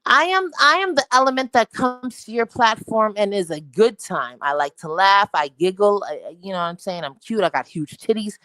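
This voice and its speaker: A woman's voice: medium pitch, expressive, moderate pace, hardly any pauses, a bit bright, no room sound, low-quality recording. A young woman from New York with a New York accent, talking brashly and profanely in rambling casual livestream chat. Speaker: livestream guest.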